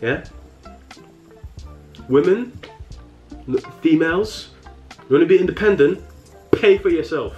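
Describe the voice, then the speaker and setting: A man's voice: fairly high pitch, lively intonation, unhurried, long pauses, a little mellow, lo-fi sound, faint music behind. A young man with a London accent rants to camera in mock fury, repeating himself, stammering and breaking into laughs. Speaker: comedy vlogger. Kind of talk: satirical rant to camera.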